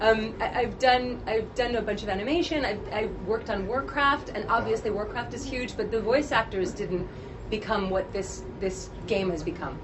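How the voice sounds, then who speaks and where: A woman's voice: fairly high pitch, moderate pace. Woman voice actor telling funny stories, laughs a lot, noisy con floor. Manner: animated, laughing often, acts out quotes. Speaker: voice actress interviewed at a convention. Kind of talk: casual interview storytelling. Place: convention media panel.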